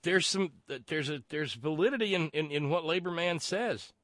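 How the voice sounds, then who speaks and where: A man hosting a call-in radio show, blunt and profane, with halting restarts. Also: on the high side, fairly bright tone, dry recording, studio quality. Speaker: radio talk show host.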